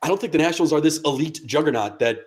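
A man's voice: fairly high pitch, expressive, very fast. A young man co-hosting a casual sports podcast, blunt and given to rants. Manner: ranting, blunt. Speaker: podcast co-host.

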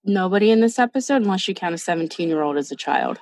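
A woman's voice: lowish voice, animated, fast talker, creaky, a little mellow. A woman hosting a true crime podcast, chatting casually in a blunt, profane way. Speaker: podcast host telling a true crime case.

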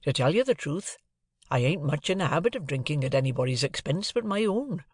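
A man reading an audiobook, voicing a gentle, simple blacksmith with plain, homely speech. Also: on the high side, big pitch swings, brisk, breathy edge, no echo, clean studio sound.

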